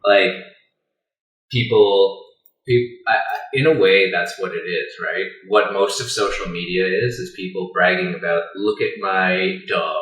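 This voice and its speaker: A man co-hosting a podcast in casual chat, talking quickly and often checking for agreement with "right?". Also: deep voice, fairly bright tone, reverberant, poor audio. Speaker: podcast co-host.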